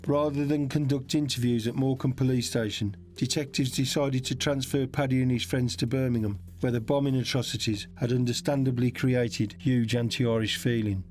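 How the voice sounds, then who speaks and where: A man reading scripted documentary narration in a measured, even way. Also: mid-range voice, faint music behind.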